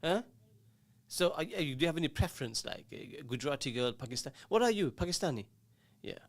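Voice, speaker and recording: A man's voice: a little high, animated, quick pace, dry recording. A man hosting a community radio call-in show, teasing listeners and reading out their messages in a casual, jokey way. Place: radio studio.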